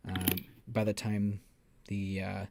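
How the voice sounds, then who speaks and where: A man narrating a tabletop role-playing game as game master, describing scenes to the players in a measured second-person voice. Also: sits low, little pitch movement, noisy background.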